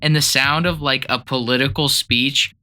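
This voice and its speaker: A man co-hosting a casual film podcast, animated and teasing, swearing freely. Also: medium pitch, normal speed. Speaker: podcast co-host.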